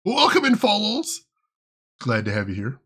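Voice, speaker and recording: A man's voice: high voice, huge pitch swings, normal speed, sharp tone, breathy edge. A man streaming a video game, chatting casually with his chat and laughing often. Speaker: gaming streamer. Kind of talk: casual gaming commentary.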